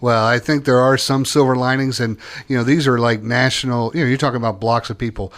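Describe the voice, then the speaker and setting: A man co-hosting a political talk show, emphatic and opinionated, with halting restarts. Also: medium pitch, steady tone.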